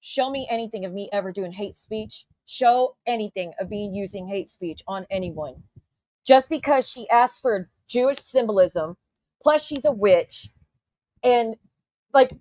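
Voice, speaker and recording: A woman's voice: a little high, moderate pace, darkish tone, no room sound. A woman livestreamer ranting to her chat in an indignant, profane, casual way. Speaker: YouTube livestreamer.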